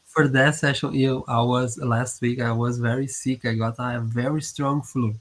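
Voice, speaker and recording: Male guest programmer, mid pitch, halting delivery with frequent restarts, casual stream chat. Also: steady tone, background noise. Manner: halting, repeats words.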